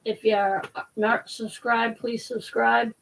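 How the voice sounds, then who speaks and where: A woman's voice: on the high side, level tone, slow, gravelly, recorded from a distance, a little hiss or hum, low-quality recording. A woman hosting a casual live stream, chatting in a rambling, apologetic way while eating dinner. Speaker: host.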